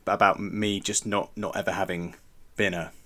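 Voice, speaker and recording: A man's voice: deep voice, flat delivery, moderate pace, pushed and bright. A man co-hosting a podcast, talking in a rambling way, correcting himself and chuckling often. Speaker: podcast co-host. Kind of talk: casual chat.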